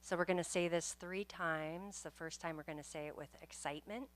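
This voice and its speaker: A woman leading a spiritual service with a calm, soothing guided blessing and affirmation. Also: brisk. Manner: calm, soothing, invites deep breaths. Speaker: service leader giving the blessing. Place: spiritual center service room.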